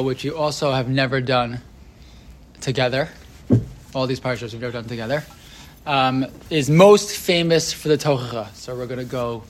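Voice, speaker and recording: A man's voice: medium pitch, slight background noise. A man teaching an informal class on a religious text, talking in a loose, conversational way with many fillers and restarts, and often asking his students questions.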